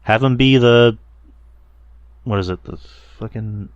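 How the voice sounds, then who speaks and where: A man's voice: mid-range voice, a little slow, no echo, dull audio. A man hosting a solo podcast, rambling casually with lots of fillers and the odd swear word. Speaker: podcast host reviewing wrestling.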